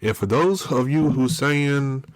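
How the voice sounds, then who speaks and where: A man putting on a slow country drawl. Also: no echo, studio quality, natural voice. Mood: playful. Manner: slow put-on Southern drawl, raised pitch.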